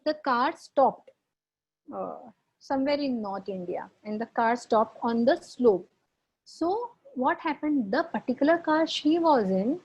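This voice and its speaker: A woman with a slightly high, husky voice walks students through a clinical case in an online lecture. She explains patiently and keeps checking that her listeners follow. The audio is dull and lo-fi. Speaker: homeopathy lecturer.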